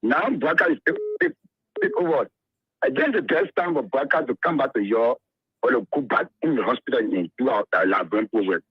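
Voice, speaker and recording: Husky man on a phone line. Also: mid-range voice, big pitch swings, a little fast, dry recording. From Liberia. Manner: emphatic, stumbling repeats. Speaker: caller.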